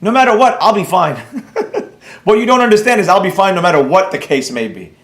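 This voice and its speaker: A man's voice: high voice, animated, fairly quick, a bit bright, roomy sound. A man hosting a trading livestream, talking bluntly and brashly with some swearing while he reads out the chat. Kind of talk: live-stream rant, reading chat aloud.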